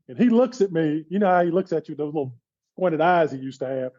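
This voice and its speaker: A man in his fifties tells stories with animation and laughter as a podcast guest. His voice sits high for a man. The recording sounds dull and lo-fi. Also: a little fast, mellow. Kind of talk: storytelling in casual chat.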